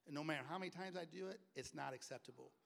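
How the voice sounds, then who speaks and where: Gravelly middle-aged man preaching. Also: fairly high pitch, very fast, fairly bright tone. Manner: conversational preaching that acts out quoted voices. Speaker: pastor. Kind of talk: sermon.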